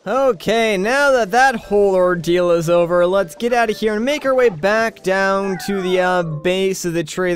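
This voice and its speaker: A man hosting a Let's Play, chatting casually over gameplay with many fillers. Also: high voice.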